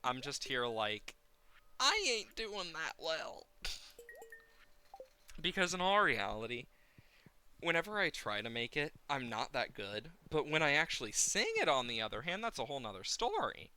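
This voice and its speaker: A man live-streaming a farming game, rambling playfully and getting excited. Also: mid-range voice, moderate pace, smooth.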